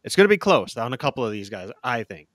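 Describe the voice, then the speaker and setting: A man's voice: medium pitch, sing-song, fast talker, fairly bright tone, no room sound. Joking male co-host, dry sound. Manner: joking, self-deprecating. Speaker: podcast co-host. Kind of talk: casual sports chat.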